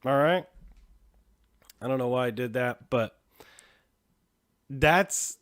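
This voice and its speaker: A man's voice: medium pitch, slow, a bit bright. A man hosting a show, casually reacting to video clips with profane, chatty commentary. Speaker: host.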